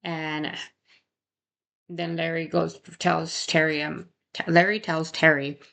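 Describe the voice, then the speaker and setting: A woman recounts a true crime case in a loose, chatty way, pausing to ask "right?" and adding indignant comments. Her voice sits low and has a gravelly fry running through it. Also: little pitch movement, fairly bright tone. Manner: conversational, frequent "right?" tags, indignant asides. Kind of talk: casual true crime narration.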